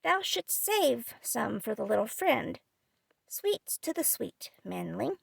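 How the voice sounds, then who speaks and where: Woman doing a kindly older German professor, gentle and formal, creaky, dry recording. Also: a little high, very animated, slow, no room sound, full character voice. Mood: tender. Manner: gentle, old-fashioned formal speech.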